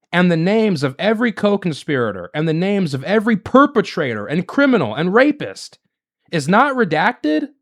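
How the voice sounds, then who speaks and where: Ranting alone on his political commentary show, this man sounds indignant, with a lively pitch, hammering his points home through repeated rhetorical questions.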